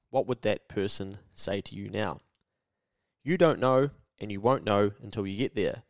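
A man's voice: on the low side, normal speed, vocal fry, no room sound, studio quality. A man with a New Zealand accent hosting a podcast lesson in a casual, chatty, slangy and emphatic way. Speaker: podcast host.

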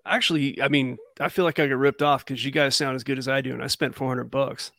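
A man's voice: mid-range voice, steady tone, fast talker, gravelly, sharp tone, no room sound, studio quality. A man co-hosting a podcast, asking wry questions in casual chat. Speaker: podcast host.

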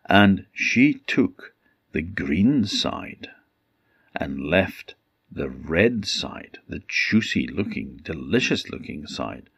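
A man from the Orkney Islands, telling a fairytale in an unhurried, emphatic way as a traditional storyteller. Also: sits low, gravelly, fairly bright tone, breathy edge, no echo. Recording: dull lo-fi recording.

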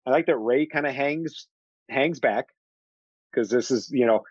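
An excited man recaps favorite movie moments in loose podcast chat, laughing often and acting out lines. His voice is mid-pitched, and it comes through a dull, slightly lo-fi, dry recording. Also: measured pace, husky, no echo. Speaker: podcast co-host discussing a film. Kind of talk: casual film discussion.

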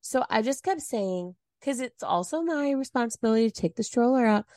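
A woman's voice: a little high, brisk, no room sound, clean studio sound. A woman co-hosting a podcast, telling a story in casual chat and acting out the quotes with big swings in her voice. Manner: animated storytelling, acts out quotes. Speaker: podcast co-host.

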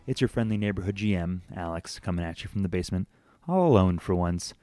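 A man's voice: low voice, quick pace, mellow, faint music behind. A man who is the game master and host of a tabletop podcast, giving casual announcements in a friendly, jokey, easygoing way from his home basement.

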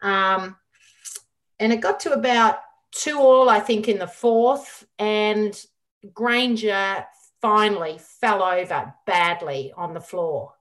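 A middle-aged woman, a guest on an interview show, telling a lively story full of quoted dialogue. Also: mid-range voice, takes it slowly. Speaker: guest, former squash champion.

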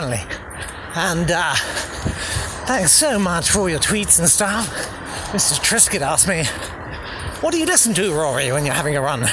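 A comedian voicing an upbeat, oblivious politician hosting a running podcast, rambling and stumbling over words. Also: male voice, on the high side, background noise. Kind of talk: comedy sketch parody.

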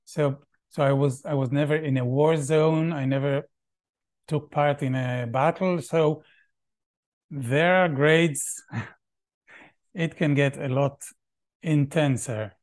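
A man from Israel, a podcast guest, speaking in a halting way and repeating words as he searches for them. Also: a little high, steady tone, a little mellow. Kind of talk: casual conversation.

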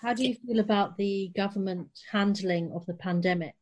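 A woman interviewer asking questions in a gentle, measured way. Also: medium pitch, highs cut off.

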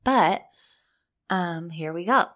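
A woman's voice: lowish voice, animated, slow, fairly bright tone. A woman commenting casually on a court case, blunt and sarcastic, swearing freely as she reacts. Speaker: reality TV commentator. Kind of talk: casual commentary, reading court documents aloud.

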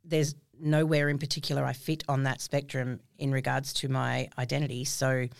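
Middle-aged guest, gravelly mid-pitched voice, measured and reflective, dry sound. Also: flat delivery, dry recording. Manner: thoughtful, measured, with frequent pauses. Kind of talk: casual conversation.

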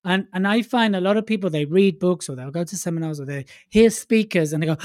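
A man's voice: on the high side, lively intonation, fast, no room sound, studio quality. A man co-hosting a casual podcast, chatty and jokey, poking fun at himself. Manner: jokey, chatty, self-mocking. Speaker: podcast co-host.

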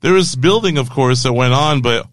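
A man co-hosting a wrestling podcast in casual chat, relaxed and chiming in with short agreements. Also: medium pitch, moderate pace, dry recording, studio quality.

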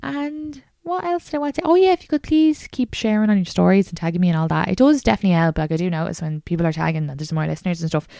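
A woman's voice: lowish voice, animated, racing, creaky, hardly any pauses, warm tone, no room sound, clean studio sound. A woman hosting a podcast, chatting casually and saying "like" a lot. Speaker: podcast host. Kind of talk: casual chat.

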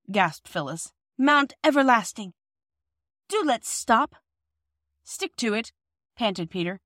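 A woman reading a classic children's novel aloud, acting out the dialogue with lively voices. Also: medium pitch, no echo, clean studio sound. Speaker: audiobook reader.

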